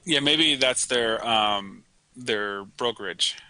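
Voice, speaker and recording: A man's voice: fairly low pitch, takes it slowly, pushed and bright, dry recording, poor audio. A man co-hosting a casual real estate talk show, joking and laughing often. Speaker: co-host. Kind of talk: casual banter.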